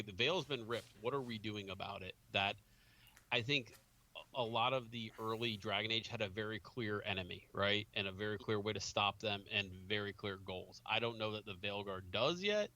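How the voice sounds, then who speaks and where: A man in casual podcast chat, halting and restarting, tagging "right?" onto points. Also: on the low side, pushed and bright.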